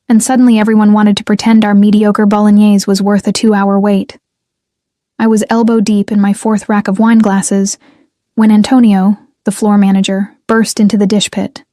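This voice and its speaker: A young woman reading a first-person story in a measured, restrained scripted narration. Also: medium pitch, mellow, no echo, clean studio sound.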